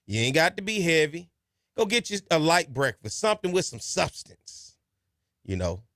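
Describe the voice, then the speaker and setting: Lively high-voiced man. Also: normal speed, dry recording, clean studio sound. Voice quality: colloquial, folksy and exhortative, repeats advice for emphasis. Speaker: podcast host. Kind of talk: casual advice monologue and storytelling.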